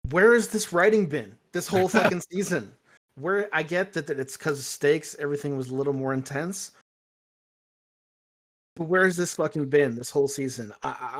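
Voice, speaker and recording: A man on a podcast giving blunt, ranting opinions, swearing as he goes. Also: mid-range voice. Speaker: podcast co-host. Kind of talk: casual opinionated chat.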